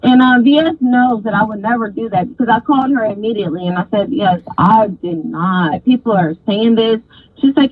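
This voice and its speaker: A woman host telling a story in a casual, animated, profane way, acting out other people's lines. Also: on the high side, brisk, dry recording. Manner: animated, profane, acts out quoted voices. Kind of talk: casual storytelling on a live stream. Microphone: phone. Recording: dry, husky, phone-like sound.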